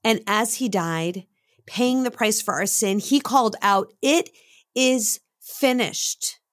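A woman's voice: mid-range voice, a bit bright, dry recording, clean studio sound. Earnest woman giving devotional teaching. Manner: earnest, slows for emphasis. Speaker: podcast co-host.

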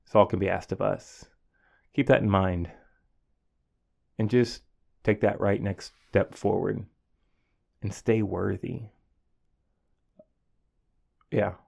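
A man's voice: fairly low pitch, fairly even intonation, takes it slowly, gravelly, pauses often, darkish tone. A man, a teacher, talking earnestly and from the heart about his classroom, with many fillers and restarts. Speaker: podcast host. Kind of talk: reflective personal monologue.

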